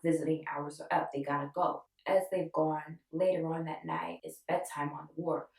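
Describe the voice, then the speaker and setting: A woman in her twenties tells a personal story in an emotional, animated way, acting out the voices of others. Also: low voice, moderate pace, gravelly. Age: 20s. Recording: echoey room, voice from a distance.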